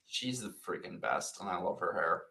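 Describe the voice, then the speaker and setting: Crude excitable man, animated voice. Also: low voice, gravelly, echoey room. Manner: loud, crude and excitable, quick laughter. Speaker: podcast host. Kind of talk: casual live-stream chat.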